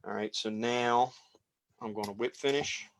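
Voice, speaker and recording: A man casually talking through a fly tying demonstration as he works, relaxed and rambling. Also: mid-range voice, unhurried, vocal fry, slight background noise. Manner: relaxed, rambling, talks while working.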